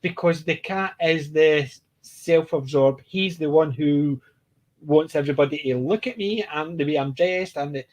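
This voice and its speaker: Chatty man, slightly high voice. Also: moderate pace. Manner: rambling, restarts often, laughs while retelling jokes. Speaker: podcast co-host. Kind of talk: casual TV discussion.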